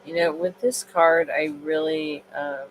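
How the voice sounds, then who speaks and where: A woman reads cards on a casual livestream late at night, tired and rambling with plenty of fillers. Her low voice is steady and unhurried, over noisy audio.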